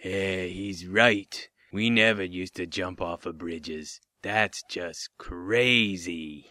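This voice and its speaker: A man voicing a dim-witted henchman who talks slow and dopey. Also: deep voice, pushed and bright, dry recording, studio quality, full character voice.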